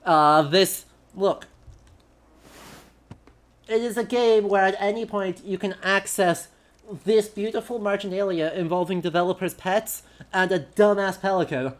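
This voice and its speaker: A young adult man chatting casually on a live game stream, with many "uh" fillers and a relaxed manner. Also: high-pitched, unhurried. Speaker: streamer and historian.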